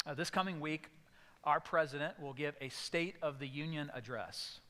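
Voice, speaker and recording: Guy pastor preaching, kinda high voice, tells stories and yells out the lines sometimes. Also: moderate pace, big-room sound. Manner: storytelling with sudden acted outbursts. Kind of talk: sermon. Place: church sanctuary.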